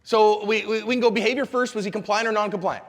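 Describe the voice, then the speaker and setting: A man teaching a live seminar, energetic and conversational, with quick asides to the audience. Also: sits high, big-room sound. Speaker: self-defense instructor. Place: convention hall seminar room.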